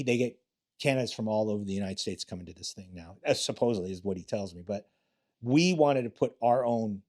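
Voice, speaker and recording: A man's voice: lowish voice, darkish tone. An older man, a retired police detective, telling rambling, profane stories in a casual interview, often restarting his sentences.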